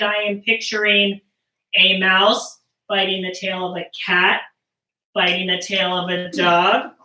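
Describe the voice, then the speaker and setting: A woman's voice: medium pitch, pushed and bright. A woman performing and teaching percussion storytelling to children over a live stream, in a playful, joking way. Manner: playful, jokey, talking to kids. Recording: roomy sound, mic at a distance.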